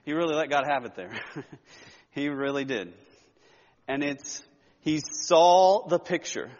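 A man's voice: on the high side, animated, unhurried, a little mellow. A man giving an earnest Bible teaching sermon, telling the story plainly and leaning into emphasis when he paraphrases. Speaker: preacher. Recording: dull lo-fi sound with long hall reverb.

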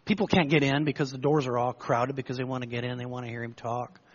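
A man preaching a sermon in a storytelling way, acting out the voices of the crowd. His voice is husky. The recording sounds muffled and lo-fi. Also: medium pitch, quick pace. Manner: storytelling, lively, acts out the crowd's lines.

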